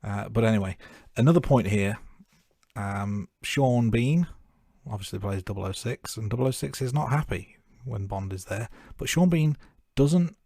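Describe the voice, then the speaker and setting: A man's voice: lowish voice, expressive, normal speed, gravelly, mellow, dry recording. Dry-voiced man joking as co-host. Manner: wry, jokey rhetorical questions. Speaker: podcast co-host. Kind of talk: casual movie review chat.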